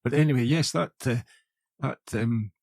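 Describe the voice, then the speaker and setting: A man's voice: mid-range voice, moderate pace, gravelly, darkish tone, dry recording. Rambling man on a podcast. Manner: rambling, many fillers and restarts. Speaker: podcast co-host. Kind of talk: casual film chat.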